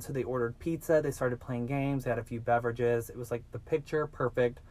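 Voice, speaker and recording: A man hosting a podcast, telling a true-crime story in a casual, animated way and swearing freely. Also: mid-range voice, a little fast, hardly any pauses. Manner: animated, swearing, acts out quoted voices. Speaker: podcast host.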